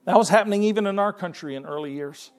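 A man's voice: sits high, fast talker. A man preaching a sermon in a folksy way, repeating his words and quoting scripture in King James wording. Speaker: pastor.

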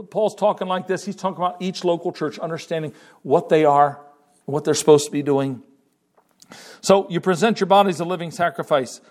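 An older man preaching a sermon, animated, swinging between loud emphasis and quiet asides. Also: high voice. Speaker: pastor.

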